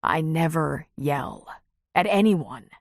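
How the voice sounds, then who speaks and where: A woman's voice: deep voice, expressive, slow pace, creaky, no room sound, clean studio sound, full character voice. A woman reading an audiobook, voicing a stern male doctor who speaks in clipped, firm sentences. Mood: curt.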